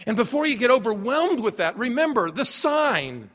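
A man preaching a sermon as pastor, emphatic, dropping to a hush and then rising loud. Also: extremely high pitch, very animated, normal speed. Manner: emphatic, swings from hushed to loud. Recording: long reverb of a large hall.

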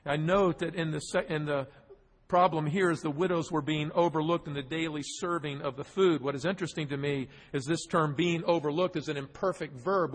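High-voiced husky preacher in a reverberant hall. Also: male voice, a little fast. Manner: expository preaching, emphatic repetition. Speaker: pastor. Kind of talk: sermon.

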